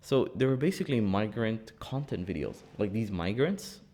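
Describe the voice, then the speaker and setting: A man's voice: on the low side, moderate pace. A young man co-hosting a podcast in a studio, chatting casually and telling funny stories with lots of laughter. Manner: animated storytelling, laughs often, acts out quoted voices. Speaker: podcast co-host.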